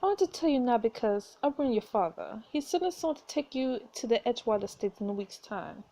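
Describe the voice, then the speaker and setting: A woman voicing a gentle dying mother who speaks softly and weakly, read aloud from a story game. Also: a little high, expressive, a little fast. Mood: tender, weak. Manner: soft, faint, pleading.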